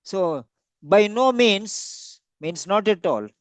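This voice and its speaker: Casting: high-pitched male teacher, emphatic and repetitive, dry close sound. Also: expressive, takes it slowly, dry recording. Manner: repetitive, emphatic, stretches key words. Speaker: English teacher. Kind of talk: classroom lecture.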